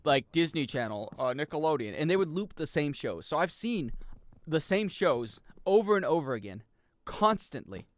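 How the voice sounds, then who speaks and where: A young man streaming a game and talking casually, with a lively voice that swings up and down. He rambles, swears and laughs as he goes. The recording is close and dry. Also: fairly high pitch, normal speed, no room sound. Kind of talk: casual gaming stream chat.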